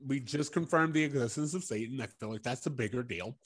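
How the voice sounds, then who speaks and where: A man's voice: mid-range voice, a little fast. A young adult man co-hosting a podcast, casual and wry, laughing often. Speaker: podcast co-host. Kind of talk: casual rewatch podcast chat.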